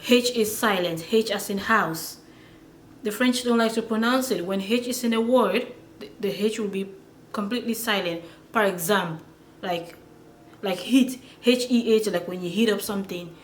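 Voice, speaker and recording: A woman teaching pronunciation in a casual lesson, chatty and repeating words slowly with many fillers. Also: medium pitch. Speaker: language teacher. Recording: echoey room with faint noise.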